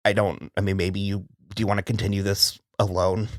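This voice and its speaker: A man's voice: deep voice, flat delivery, fairly quick, dry recording. Exasperated man in a dry room. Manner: frank, exasperated, restarts often. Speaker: podcast co-host. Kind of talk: casual recap chat.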